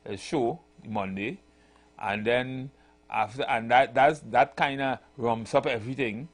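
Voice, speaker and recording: A man hosting a radio talk show, chatting in a relaxed, agreeable way. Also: mid-range voice, a little slow, soft background music. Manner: relaxed, agreeable, chuckles often. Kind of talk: casual radio chat.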